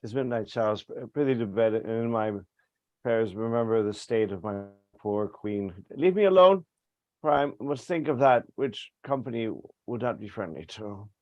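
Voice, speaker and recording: A man reading the part of a commanding but troubled king in an amateur Shakespeare reading, with brisk delivery. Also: fairly low pitch, a little mellow, dry recording, lo-fi sound, natural voice. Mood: weary. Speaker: reader in a play reading.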